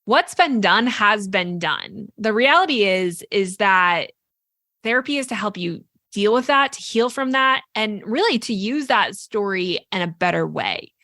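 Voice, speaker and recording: A woman's voice: mid-range voice, lively intonation, a little slow, sharp tone, no room sound, clean studio sound. A woman co-hosting a podcast, talking earnestly in casual reflective chat, full of "like" and "right?" as she explains. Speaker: podcast co-host.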